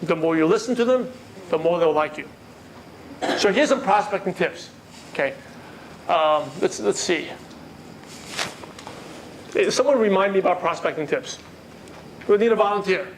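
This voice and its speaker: Male sales trainer, high voice, quizzes a live room, faint hum behind. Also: animated, normal speed, pauses often. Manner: asks the audience questions and repeats their answers. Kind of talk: live workshop lecture. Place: meeting room with a live audience.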